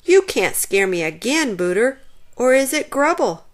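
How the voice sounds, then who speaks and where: A woman's voice: on the high side, sing-song, a little slow. A woman voicing a timid little male monster who stammers and startles easily in a storybook. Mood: nervous. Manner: stammering, jumpy.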